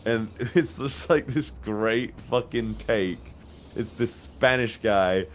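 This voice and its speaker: A man's voice: on the low side, slow, a little hiss or hum. A British man chatting as a guest on a game stream, telling rambling stories full of swearing. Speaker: guest co-host. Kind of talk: casual chat on a game stream.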